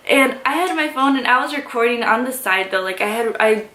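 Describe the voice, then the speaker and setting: A woman vlogger telling a story in excited, gushing chatter full of fillers. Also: on the high side, brisk, hardly any pauses, a little hiss or hum. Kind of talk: casual story time. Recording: echoey room.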